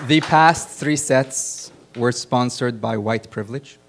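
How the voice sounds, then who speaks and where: A man's voice: mid-range voice, slow pace, gravelly, a little hiss or hum. A man from Egypt hosting an open mic comedy night, bantering and teasing between sets on stage. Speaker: comedy show host. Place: small comedy venue on stage.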